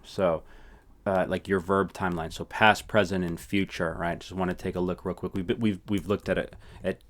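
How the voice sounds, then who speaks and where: A man teaching a casual language lesson who repeats words slowly for practice and keeps checking in with "right?". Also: deep voice, steady tone, a bit bright.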